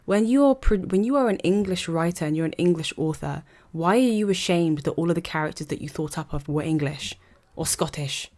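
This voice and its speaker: A young woman with a slightly low voice talks straight to camera in a personal commentary video. Her delivery is earnest and conversational. She often throws rhetorical questions at her viewers. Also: animated, brisk, darkish tone. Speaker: vlogger. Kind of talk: opinion commentary monologue.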